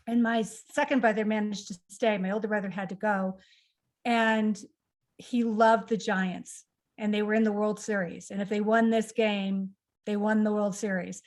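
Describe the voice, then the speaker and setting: A middle-aged woman tells a heartfelt family story at a conversational pace, slipping into the lines of the people she quotes. Her voice sits at an ordinary middle pitch and carries a lot of feeling. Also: steady tone, normal speed. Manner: emotional, acts out quoted dialogue. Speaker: author guest.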